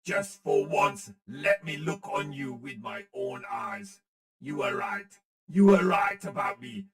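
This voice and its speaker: Man doing a slow gravelly Darth Vader. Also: high voice, animated, faint music behind, voice pushed up, heavily acted. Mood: menacing. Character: menacing armored male villain, cold commanding. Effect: reverb from his audio setup.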